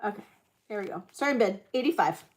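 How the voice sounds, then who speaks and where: A woman's voice: medium pitch, expressive, fast talker, slight background noise. A middle-aged woman hosting a live vintage jewelry auction, talking in a chatty, scattered, self-deprecating way to her viewers. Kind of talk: casual live-stream selling chat.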